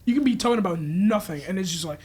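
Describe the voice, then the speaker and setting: Animated high-voiced man in his twenties. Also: quick pace, breathy edge. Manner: animated, talks with lots of "like". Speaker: student or staff member. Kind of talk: casual group chat.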